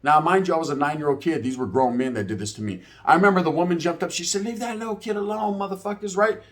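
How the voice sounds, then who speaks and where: A man's voice: a little high, expressive, quick pace, a bit bright. A man in his forties telling a story and giving his opinion in casual, profane street talk, often tagging his lines with "right?". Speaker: reaction video host.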